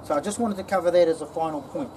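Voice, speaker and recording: A woman's voice: deep voice, rapid-fire, darkish tone. A woman giving a casual security training demonstration, often checking in with "okay?". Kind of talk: instructional demonstration. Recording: distant mic with background noise.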